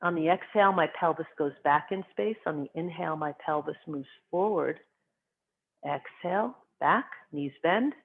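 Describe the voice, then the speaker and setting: A qigong instructor guiding a class through movement and breathing, giving calm, short cues timed to the breath. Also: mid-range voice, normal speed, gravelly, a little hiss or hum. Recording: tinny phone-like sound.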